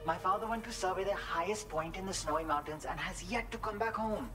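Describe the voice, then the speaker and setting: A man's voice: high voice, brisk, lightly acted. An actor with an Indian accent playing a worried young man in a video game who earnestly pleads for help finding his missing father. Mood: pleading. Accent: Indian English. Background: game music.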